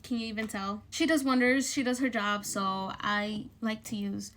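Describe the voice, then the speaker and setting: A woman's voice: mid-range voice, steady tone, normal speed, fairly bright tone, slight background noise. A young woman talking casually through her makeup routine as a beauty vlogger, chatty and bubbly with plenty of "like" fillers. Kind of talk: casual makeup tutorial chat.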